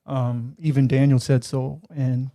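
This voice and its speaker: Mellow-voiced man, halting casual chat. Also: medium pitch, flat delivery. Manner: halting, lots of fillers, blunt swearing. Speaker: podcast co-host.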